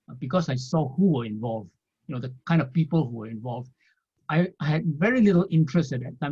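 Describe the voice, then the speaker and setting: Husky man telling a rambling story. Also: medium pitch, darkish tone. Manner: rambling, with frequent "you know" and light laughs. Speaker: interviewee, former financial planner. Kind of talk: storytelling in an interview. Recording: dull lo-fi audio.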